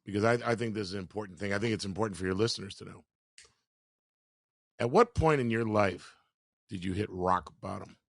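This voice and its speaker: A man's voice: fairly low pitch, brisk, vocal fry, pauses often, dry recording, clean studio sound. A man who hosts a radio show, a guest chatting casually, cutting in with jokey questions. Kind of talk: casual interview chat.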